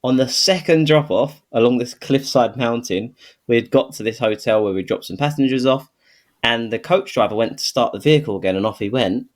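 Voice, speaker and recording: A man's voice: mid-range voice, brisk. A man co-hosting a podcast, telling holiday anecdotes in an easygoing way and laughing through them. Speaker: podcast co-host. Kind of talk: casual storytelling chat.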